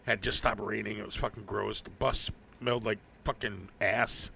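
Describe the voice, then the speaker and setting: Gravelly man, stream host, rambling and profane, faint noise behind. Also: on the low side, level tone, normal speed, pushed and bright. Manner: profane, rambling, laughs often. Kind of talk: casual ranting monologue.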